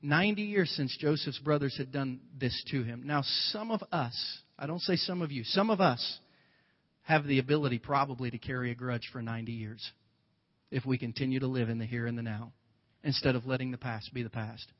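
A male pastor giving a conversational, animated sermon, retelling a Bible story with playful asides. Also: medium pitch, fairly quick, big-room sound, dull audio.

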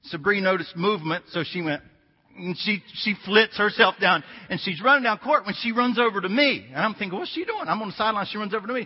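A man's voice: high-pitched, fast talker, in a large hall, lo-fi sound. A man in his fifties preaching a sermon, telling stories in a conversational way and repeating his key points for emphasis. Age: 50s. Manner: conversational storytelling with emphatic repetition. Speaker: pastor.

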